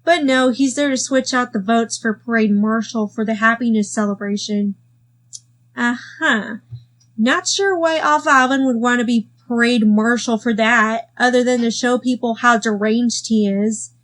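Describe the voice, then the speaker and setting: A woman's voice: a little high, moderate pace, a bit bright. A woman giving a sarcastic review of a cartoon episode, full of wry asides, with faint music behind. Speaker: video reviewer.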